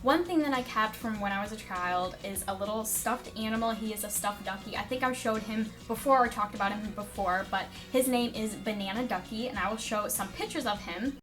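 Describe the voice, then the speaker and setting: A woman's voice: medium pitch, a little fast, few pauses, music in the background. Chatty young woman vlogging. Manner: rambling, filler-heavy storytelling with frequent "like" and "um". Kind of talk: casual chat to camera.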